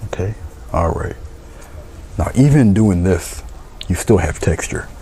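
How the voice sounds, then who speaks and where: A man teaching painting step by step, calm and encouraging, his words often trailing off into soft murmurs. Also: sits low, measured pace, slight background noise. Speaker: painting instructor.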